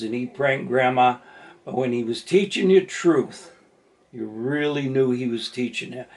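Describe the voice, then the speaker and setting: A man's voice: mid-range voice, darkish tone. An older man chatting casually to camera about his model car builds, rambling and joking at his own expense. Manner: rambling and jokey, self-deprecating.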